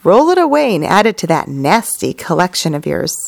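A woman's voice: big pitch swings, gravelly, no echo, clean studio sound, full character voice. A woman voicing a fussy, proud mother goose who chatters and repeats herself in a storybook reading. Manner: repeats words rapidly, high and loud.

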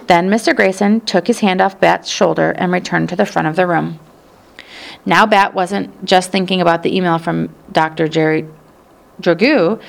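A woman narrates an audiobook in a steady, even storytelling voice. Her tone sits fairly low and has a gravelly texture. Her delivery is calm and measured.

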